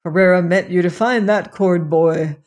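A narrator doing an anxious, grim old doctor. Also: male voice, high voice, fairly even intonation, normal speed, a little mellow, lightly acted. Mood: urgent. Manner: urgent, grim, warning. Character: anxious older male doctor, the hero's father.

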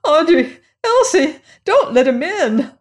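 A woman's voice: fairly high pitch, expressive, measured pace, a little mellow, slightly rough, voice pushed up, exaggerated voice. A woman voicing a nervous older housekeeper who frets and quavers. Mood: panicked. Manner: fretful, quavering.

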